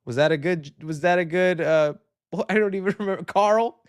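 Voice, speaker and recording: A man hosting a casual movie news livestream, chatty and animated, often breaking into laughter. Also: sits high, fairly quick, clean tone.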